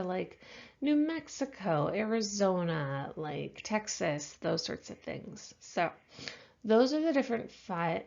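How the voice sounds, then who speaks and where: A woman teacher talks through a science lecture at a slow, easy pace, with a gravelly, creaky edge to her lowish voice. She explains casually, with plenty of fillers, and sounds a little tired. The recording is slightly dull and lo-fi. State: yawning, tired.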